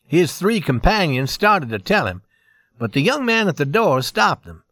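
A man reading a western story aloud in a measured, expressive narration. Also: a little high, no echo, studio quality.

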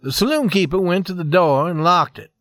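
Man reading a western story out loud, lively up-and-down voice, dry close sound. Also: high voice, brisk, no room sound. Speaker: narrator. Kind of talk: storybook narration.

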